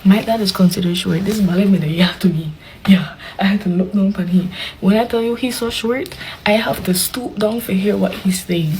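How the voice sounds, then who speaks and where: A young woman tells a story casually, animated and dramatic, with hushed asides. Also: medium pitch, a little fast, a little hiss or hum, rough recording. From Belize. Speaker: vlogger.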